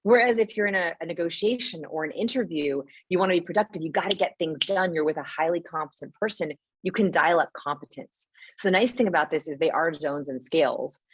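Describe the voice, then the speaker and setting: A young adult woman answering webinar questions as a guest expert, animated and explanatory, often checking in with "right?". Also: fairly low pitch, breathy edge, no echo. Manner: animated, explains with quick asides and rhetorical "right?". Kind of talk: live webinar Q&A.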